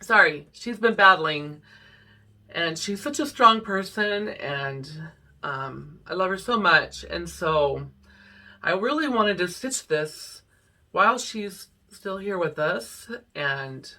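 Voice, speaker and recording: A woman's voice: on the low side, animated, slow pace, pushed and bright, distant mic. A middle-aged woman chatting casually to camera about her cross-stitch projects, rambling and laughing often. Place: home room.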